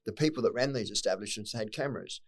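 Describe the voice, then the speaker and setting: A middle-aged Australian man with a fairly low voice, talking quickly and bluntly. He swears freely as he recounts hard memories, and emotion breaks through now and then. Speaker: podcast guest. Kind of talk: candid personal storytelling.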